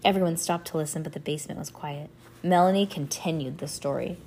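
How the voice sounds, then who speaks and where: A woman reading a children's chapter book aloud at home, animated, with little sound effects. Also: deep voice, fairly quick, a little hiss or hum. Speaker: reader.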